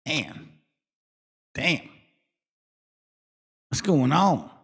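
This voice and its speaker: A man hosting a casual livestream chat, rambling, swearing freely and trailing off into quiet mutters. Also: a little high, sing-song, very slow, gravelly, breathy edge. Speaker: livestream host.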